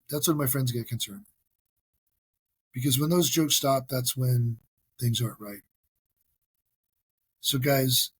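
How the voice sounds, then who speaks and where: A man's voice: mid-range voice, slightly rough, dry recording. A man hosting a solo podcast, talking in an earnest, self-deprecating way with frequent restarts. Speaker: podcast host. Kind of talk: casual solo podcast monologue.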